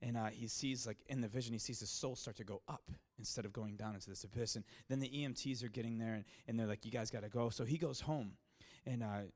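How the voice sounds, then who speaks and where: A pastor telling a story from the pulpit in a loose, rambling way, full of fillers and restarts. He speaks with a mid-range man's voice. He gets louder and more excited as the story builds. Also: medium pitch, quick pace, few pauses. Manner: grows louder and more excited at dramatic moments. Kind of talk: sermon storytelling.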